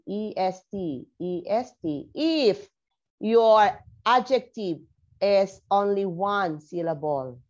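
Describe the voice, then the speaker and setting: A woman's voice: mid-range voice, muffled recording. A woman teaching a grammar lesson online, spelling words out letter by letter and checking in with "okay?" after many points. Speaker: English teacher.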